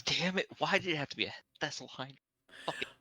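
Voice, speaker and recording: A man playing a tabletop game, speaking slowly and deadpan with frequent sighs. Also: fairly high pitch. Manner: slow, sighing, deadpan. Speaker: player. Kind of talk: casual tabletop play.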